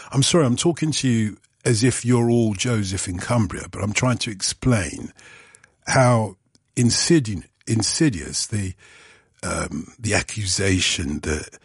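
A male radio phone-in presenter, talking at length to his listeners in an earnest, conversational way. His voice sits low and a little husky, with a lively, swinging pitch. The studio sound is close and dry. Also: no room sound. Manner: earnest, explaining at length, then chatty and laughing with callers. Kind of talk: casual radio phone-in chat. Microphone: studio microphone.

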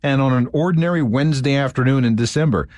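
A man hosting a radio history show, telling a story in lively, wry narration. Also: mid-range voice, fast, no echo, clean studio sound. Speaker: radio host.

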